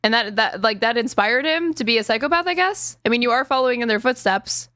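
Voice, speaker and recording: A woman's voice: a little high, animated, fast talker, bright, forceful tone, dry recording, studio quality. Sarcastic, profane woman streamer. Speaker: streamer reacting to a podcast clip. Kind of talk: live-stream commentary.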